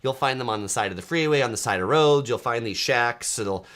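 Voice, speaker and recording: A man's voice: medium pitch, expressive, fairly quick, a bit bright. A man from California hosting a food video, chatting casually and enthusiastically while reading viewer comments, with frequent ums and uhs.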